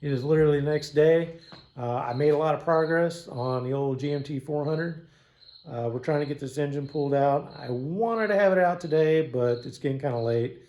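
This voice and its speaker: A man's voice: on the high side, moderate pace, darkish tone, lo-fi sound. Brief: man, casual DIY mechanic vlogger, salty mouth, dry sarcasm, recorded in a home garage.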